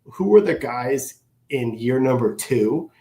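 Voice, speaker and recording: A man co-hosts a casual sports show in a middle-pitched voice. He weighs his thoughts as he talks, measured and steady. His voice carries a noticeable room echo. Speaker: podcast co-host.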